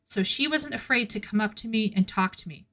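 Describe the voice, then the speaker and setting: A woman's voice: mid-range voice, a little fast, a bit bright. A woman hosting a casual live stream and talking freely with her chat. Her voice sits in an ordinary middle range, and she is blunt and candid, often laughing at her own remarks.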